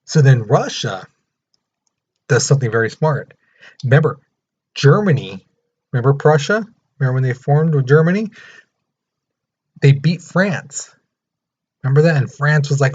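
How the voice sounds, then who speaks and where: Male history teacher, animated storyteller, husky, lo-fi recording. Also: medium pitch, normal speed, long pauses. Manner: animated, storytelling, acting out the countries. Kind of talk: casual recorded lesson. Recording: muffled lo-fi recording.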